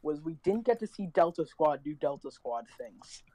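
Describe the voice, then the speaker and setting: A young man with an Australian accent chatting excitedly with friends while gaming, laughing at his own ideas and swearing casually. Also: fairly high pitch, moderate pace, no echo, low-quality recording.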